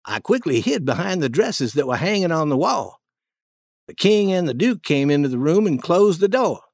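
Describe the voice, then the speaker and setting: Lively-voiced male storybook narrator. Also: fairly high pitch, moderate pace, creaky, dry recording.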